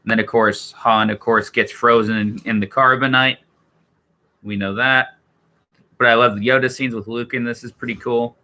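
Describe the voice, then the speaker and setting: A man's voice: medium pitch, steady tone, moderate pace, pushed and bright. A man talking casually on a live stream, rambling with many fillers and restarts.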